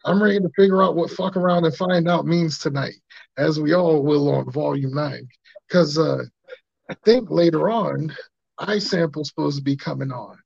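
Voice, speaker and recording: Casual male podcast host, slangy, a bit higher voice, dry close mic. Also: moderate pace, creaky, slightly rough, no room sound. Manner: laid-back slangy banter. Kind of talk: casual chat. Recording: dull lo-fi sound.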